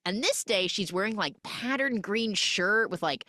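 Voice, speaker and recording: Lively woman hosting a comedy film recap. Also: medium pitch, dry recording, clean studio sound. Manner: animated, jumps into quick character voices. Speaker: podcast host.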